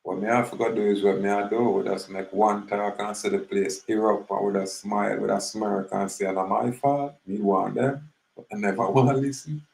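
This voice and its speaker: A man's voice: fairly low pitch, flat delivery, brisk, vocal fry, darkish tone, echoey room, low-quality recording. A man with a Jamaican accent, talking casually in a rambling monologue that mixes patois and English.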